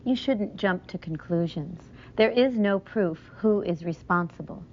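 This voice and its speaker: An actress playing a satanic priestess, speaking in a measured, ceremonial way in a low-budget horror film clip. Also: female voice, lightly acted. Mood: dismissive. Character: female satanic priestess, calm and secretive. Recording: lo-fi film clip with loud background noise.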